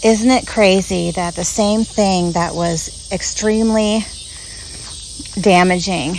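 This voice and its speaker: A woman in her thirties chatting casually to camera on her homestead vlog, unhurried and dropping in frequent ums, recorded on a built-in camera mic. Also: medium pitch, steady tone, gravelly, a little mellow, slight background noise, low-quality recording. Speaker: homestead vlogger. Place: rural homestead. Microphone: built-in camera mic, no external mic.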